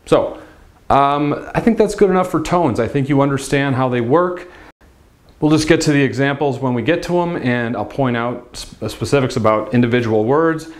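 Male Mandarin tutor, unhurried, exaggerated tone drills, light playful asides. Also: medium pitch. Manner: slow, patient, repeats syllables with exaggerated tones. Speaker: Mandarin teacher. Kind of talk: video language lesson.

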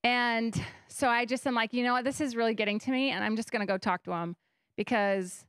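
A woman's voice: a little high, fairly even intonation, a little fast, fairly bright tone, smooth, no room sound, studio quality. A young woman pastor giving a conversational sermon in a church, telling stories animatedly and acting out her own thoughts. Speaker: guest pastor. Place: church stage.

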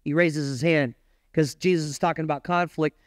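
A man with a high-pitched voice preaching a sermon. He swings from relaxed, conversational asides up into fervent, emphatic peaks. The sound is close and dry, with no room echo. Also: normal speed. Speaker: pastor.

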